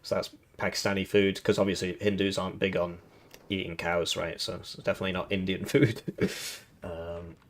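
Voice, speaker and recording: A man's voice: deep voice, level tone, normal speed. A man from the United Kingdom giving casual, rambling commentary on a strategy game tournament, chuckling often and answering chat questions.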